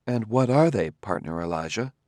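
A male audiobook reader voicing a calm, courteous humanlike male robot who speaks in a measured, grave way. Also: lowish voice, no echo, studio quality, natural voice. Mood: composed. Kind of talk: audiobook character voice.

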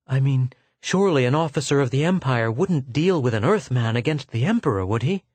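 A frightened young woman, as a male narrator puts her on, anxious and pleading. The voice is gently lifted from the reader's own. The sound is close and dry. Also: mid-range voice, lively intonation, a little fast, no echo, close to an everyday voice.

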